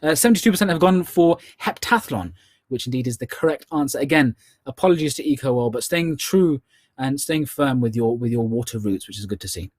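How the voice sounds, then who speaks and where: A man with a Scottish accent hosting an online quiz in a chatty way, repeating each question slowly. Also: medium pitch, lively intonation, darkish tone, no room sound. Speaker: quiz host.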